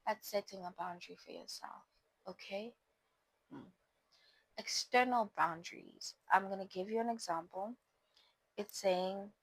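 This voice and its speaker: A young vlogger talks to camera about boundaries, chatty and playful, often speaking directly to viewers. Her medium-pitched voice is slightly rough and a little slow with frequent pauses; the recording is rough, without echo.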